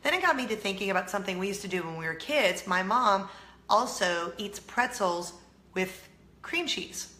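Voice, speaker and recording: A woman's voice: mid-range voice, animated, normal speed, sharp tone, roomy sound. A middle-aged American woman hosting a casual chatty vlog, bubbly and self-teasing, laughing often. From United States. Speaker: vlog host.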